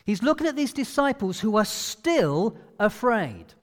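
Male preacher, high and lively voice, sermon style, reverberant hall. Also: measured pace. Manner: animated, expressive storytelling delivery. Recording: long reverb of a large hall.

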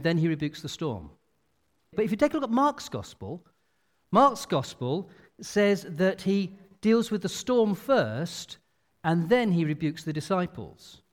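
Male preacher, high and lively voice, sermon style, reverberant hall. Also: measured pace. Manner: animated, expressive storytelling delivery. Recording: long reverb of a large hall.

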